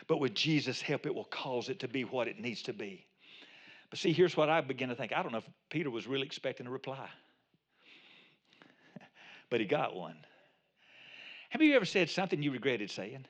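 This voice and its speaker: A pastor preaching a sermon, swinging between loud calls and quiet, chuckling asides as he acts out a prayer. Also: medium pitch, expressive, normal speed, pauses often.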